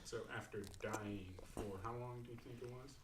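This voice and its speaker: A man interviewing, asking soft prompting questions. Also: mid-range voice, level tone, a little fast. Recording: distant from the mic.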